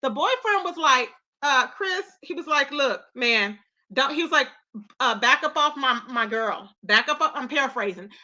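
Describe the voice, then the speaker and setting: A woman hosting a casual live-stream gossip chat, animated and full of loud exclamations. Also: high-pitched, moderate pace, highs cut off.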